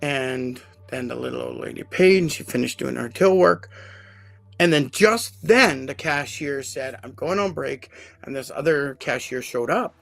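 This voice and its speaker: A man hosting a live podcast, telling a personal story in an emotional, animated way with many fillers. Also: mid-range voice, unhurried, gravelly, no echo. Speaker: podcast host.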